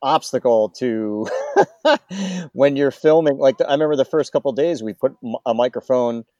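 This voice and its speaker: A man's voice: medium pitch, normal speed, a little mellow, dry recording, highs cut off. A man recounting filming moments in a casual interview, loose and laid-back with chuckles. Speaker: documentary cameraman guest.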